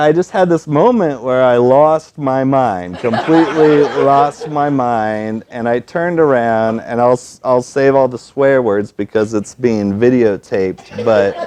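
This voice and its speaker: A man at a storytelling event, telling a personal story in an animated, self-mocking way and acting out the people he quotes. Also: fairly low pitch, slight background noise.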